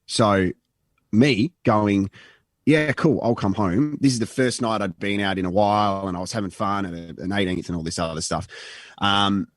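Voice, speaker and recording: A man's voice: lowish voice, moderate pace, no echo, clean studio sound. An Australian man co-hosting a podcast, telling a long rambling anecdote and acting out the quotes. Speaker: podcast co-host. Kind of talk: casual storytelling.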